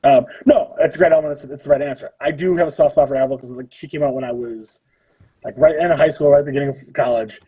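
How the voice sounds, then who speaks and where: A man's voice: medium pitch, fast talker, mellow, breathy edge, highs cut off. A man in his thirties hosting a livestream, chatting casually and jokily as he reads out the matchups. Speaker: livestream host. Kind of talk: casual chat.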